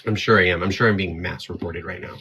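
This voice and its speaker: A man on his own livestream, ranting at his chat with a bright, forceful voice. He sounds fired up and defiant, standing his ground and talking straight to the viewers. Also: deep voice, steady tone, quick pace, a little hiss or hum. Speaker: livestream host. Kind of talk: heated livestream rant to chat.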